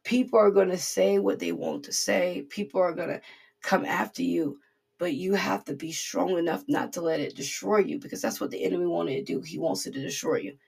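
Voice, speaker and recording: A woman's voice: fairly low pitch, fairly quick, gravelly, a little mellow, breathy edge. A woman giving an informal devotional sermon in an earnest, repetitive, conversational way. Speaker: preacher.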